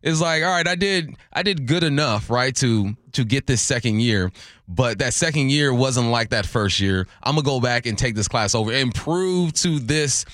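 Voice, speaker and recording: A man in his late thirties riffs and rants on sports radio, his pitch jumping all over. His voice is bright and ringing, and the sound is close and dry. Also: normal speed, no room sound. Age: 30s. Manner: animated, ranting, jokey. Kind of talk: sports talk radio banter.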